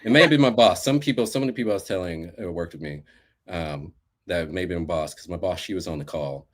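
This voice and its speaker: A man's voice: low voice, fast talker. A man as a guest on a casual live-stream talk, telling a story with emphatic bursts and laughter.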